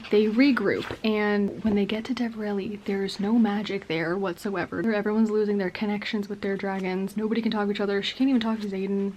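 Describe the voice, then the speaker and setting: A young woman recapping a novel in a chatty, gushing way, filling her talk with "like" and quick acted-out quotes. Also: medium pitch, darkish tone. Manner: chatty, gushing, full of "like" and quick voiced asides. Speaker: book vlogger. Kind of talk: casual book recap.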